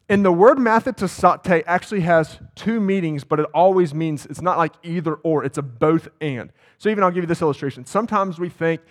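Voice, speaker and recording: A man's voice: fairly high pitch, a little fast, hardly any pauses. A man preaching a sermon as campus pastor, talking casually and asking the congregation questions. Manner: conversational, asks the congregation questions. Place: church sanctuary.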